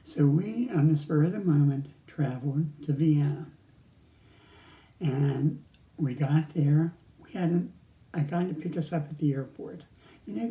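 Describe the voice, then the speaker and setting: An older man, a storyteller with a warm voice on the high side, casually recounts travel memories, rambling, restarting often, and chuckling. The audio is dull and the room echoey.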